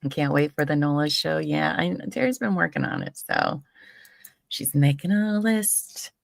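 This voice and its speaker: A woman's voice: sits low, very animated, normal speed, vocal fry, no room sound. A woman hosting a live true crime stream, chatting casually and rambling with frequent laughs.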